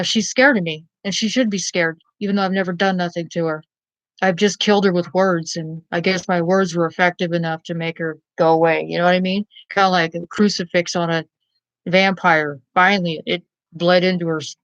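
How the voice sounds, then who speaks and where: A woman's voice: fairly low pitch, dry recording, muffled recording. A woman vlogger rambling bluntly to camera in a profane rant, often asking "you know what I mean?".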